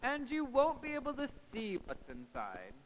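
A man hosting a church stage skit, playful and excitable. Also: extremely high pitch, moderate pace, big-room sound, rough recording. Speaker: skit host.

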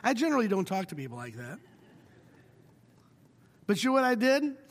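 A middle-aged male pastor preaching a sermon, telling a personal story with wry humor and moving between hushed and emphatic delivery. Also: high-pitched, very animated, a little fast, in a large hall.

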